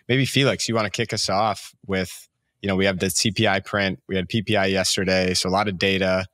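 A man's voice: low voice, little pitch movement, fairly quick, fairly bright tone, no echo, clean studio sound. A man hosting a podcast, introducing guests and tossing out questions in loose, friendly patter with some repeats. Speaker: podcast host.

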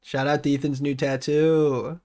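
A man's voice: on the high side, level tone, measured pace. Playful young man hosting a stream. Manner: laughing, playful, gives shout-outs. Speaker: streamer host. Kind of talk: casual stream chat.

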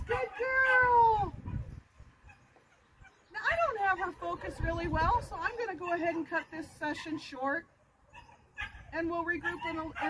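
A woman's voice: very high-pitched, heavy background noise. A woman dog trainer in an instructional video, switching between explaining to viewers and cheerfully praising and coaxing a puppy.

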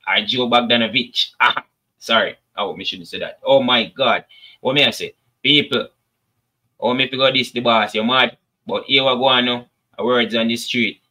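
A Jamaican man talks straight to his viewers in easy patois, running a casual commentary show. His voice is bright and forceful, with plenty of push behind it. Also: medium pitch, normal speed. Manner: chatty, addresses viewers as people, patois asides. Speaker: commentary channel host.

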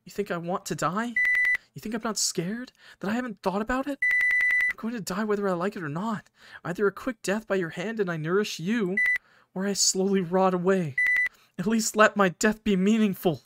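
A man voicing a frail, resigned mushroom girl in a game, speaking softly and pleading. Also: high-pitched, normal speed, very noisy, pitched above the performer's own voice, natural voice.

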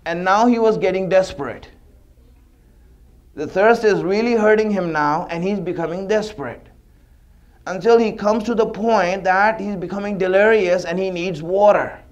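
A man's voice: sits high, moderate pace, highs cut off. A man giving a conversational sermon, telling a story with lots of repetition. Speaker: religious speaker.

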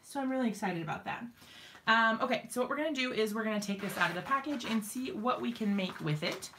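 A woman's voice: a little high, lively intonation, quick pace, fairly bright tone, a little hiss or hum. A woman in her thirties chatting casually on a craft live stream from her home craft room, laughing often and apologizing, with plenty of fillers, sometimes out of breath and moving nearer to or farther from the mic.

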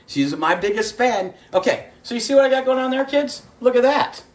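A woman's voice: a little high, expressive, a little fast. A woman hosting a casual livestreamed cooking demo from her home kitchen, telling stories and greeting viewers by name. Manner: chatty storyteller, greets viewers by name, calls audience kids. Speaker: cooking show host.

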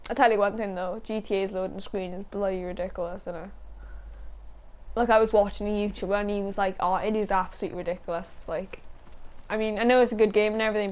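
A woman's voice: mid-range voice, darkish tone. A young woman giving casual, sweary commentary while playing a shooter game, laughing often and shrieking now and then. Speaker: gaming YouTuber.

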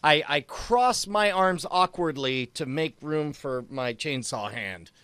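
A man's voice: fairly high pitch, expressive, slow, fairly bright tone, clear, resonant tone, no room sound. A man playing a tabletop game, stammering and sarcastic as he describes his character's actions. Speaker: player. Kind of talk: tabletop role-play banter.

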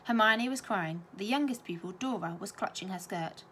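A woman teacher reading a children's novel aloud with expressive storytelling. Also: mid-range voice, normal speed, a little hiss or hum.

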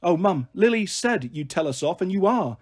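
A man's voice: sits high, sing-song, brisk, a little mellow, breathy edge, pitched above the performer's own voice, full character voice. A man voicing a small, eager little girl who pleads and asks lots of questions in a storybook reading. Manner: wheedling, childlike questions.

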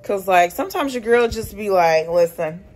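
A woman's voice: medium pitch, lively intonation, normal speed, darkish tone, soft background music. A young woman, a single mom working from home, chatting candidly to her phone camera in a casual vlog, swearing now and then. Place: at home, laundry room and house.

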